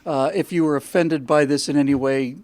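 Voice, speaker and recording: A man's voice: on the high side, steady tone, fairly quick, darkish tone, dry recording. Wry, chatty male show host. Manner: chatty, wry, jokey, with frequent restarts. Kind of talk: commentary and studio banter.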